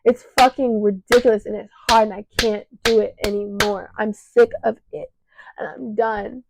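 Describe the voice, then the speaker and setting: The voice is female, medium-pitched, with fairly even intonation, vocal fry and normal speed, over background noise. It belongs to a teenage girl from Chicago, by accent, who hosts a podcast and is venting in a raw, emotional monologue, short of breath, choked up and cursing, recorded on a clip-on mic on her shirt.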